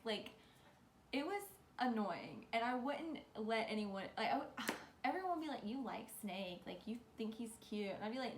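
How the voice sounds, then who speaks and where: A young woman telling a rambling storytime, animated and full of "like". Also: on the high side, normal speed, slight background noise. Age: young adult. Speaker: vlogger. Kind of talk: casual storytime. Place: bedroom. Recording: echoey room with faint ambience.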